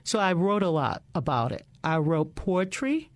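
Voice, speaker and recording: A middle-aged woman, a guest in an interview, telling lively stories about her past and often repeating words as she starts a sentence. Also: fairly low pitch, a little slow, no echo. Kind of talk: casual interview storytelling.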